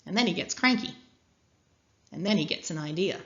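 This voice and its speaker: Expressive woman reading a story aloud. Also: fairly low pitch, a little fast, muffled recording. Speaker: guest speaker.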